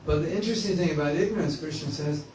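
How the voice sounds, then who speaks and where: This is a loose, joking spiritual class where the teacher often acts out inner voices. He sounds a little high and talks quickly. Faint hiss and room echo come through, since the mic is far off.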